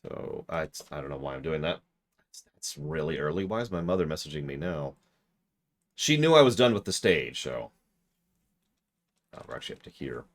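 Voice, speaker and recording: A man's voice: extremely low pitch, very animated, normal speed, pauses often. A man streaming a video game in casual commentary, rambling, breaking off mid-sentence and answering chat.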